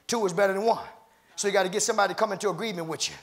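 A man preaching a sermon as pastor, rising into shouted, half-sung cadences and calling out to people in the congregation. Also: high voice, very fast. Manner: calls out to congregation members by name.

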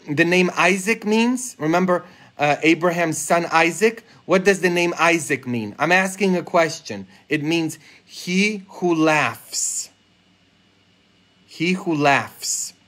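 A man's voice: a little high, fairly bright tone. A man, a priest, giving a chatty homily on a live stream, playfully talking straight to viewers and laughing at his own jokes. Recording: live social media stream.

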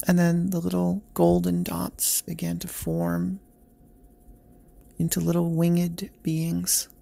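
A man narrating a bedtime story in a soft, gentle, slow storytelling manner. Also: high voice, vocal fry.

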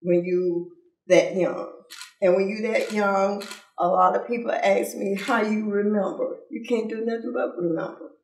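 An older woman gives an emotional personal testimony about her father, halting and tearful, often repeating herself. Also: medium pitch, steady tone, a little mellow. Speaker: daughter of a civil rights leader. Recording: roomy sound from far off.

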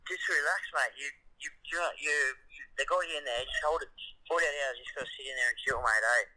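A man's voice: mid-range voice, fast, pushed and bright. A man on a phone call who talks hesitantly and tries to reassure his friend. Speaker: caller. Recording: tinny phone line.

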